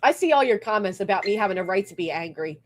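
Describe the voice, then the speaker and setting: A woman's voice: medium pitch, lively intonation, fast. A woman livestreamer ranting bluntly with plenty of swearing, between thanking her members. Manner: blunt, profane, fired-up. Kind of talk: live stream rant and member shout-outs.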